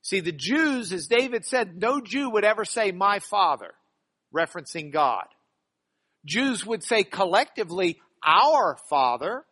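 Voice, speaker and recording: A man's voice: high-pitched, animated, a little slow, sharp tone. A man preaching a sermon, rambling and often repeating and restarting his words.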